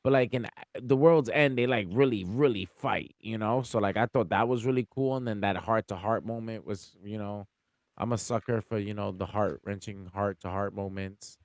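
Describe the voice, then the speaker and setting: A man's voice: on the low side, moderate pace, no echo. A man chatting casually about a movie in an easygoing way, full of fillers and restarts.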